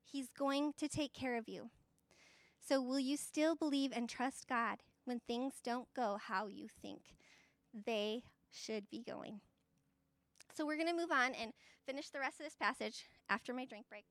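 A woman with a high voice teaches a Bible passage in a relaxed, conversational way. She talks chattily, with fillers and tag questions, and laughs lightly as she explains. Her voice sounds close and dry. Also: measured pace, no echo. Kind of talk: casual Bible lesson.

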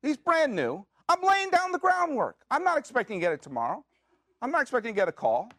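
High-voiced, animated man joking around. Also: a little fast, dry recording, clean studio sound. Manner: animated, jokey, with playful rants and self-asked questions. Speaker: podcast host. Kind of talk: comedic monologue. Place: studio.

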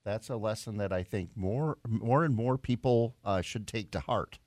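A man's voice: fairly low pitch, moderate pace, a little mellow, no room sound, clean studio sound. A man hosting a call-in radio show, thinking aloud in a casual, rambling way with plenty of fillers and restarts. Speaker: radio talk show host. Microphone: studio microphone.

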